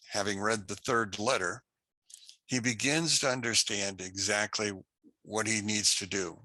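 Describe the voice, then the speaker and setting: A man teaching an unscripted Bible class, telling a story slowly and haltingly with many restarts. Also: fairly low pitch, pushed and bright, no room sound. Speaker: Torah teacher.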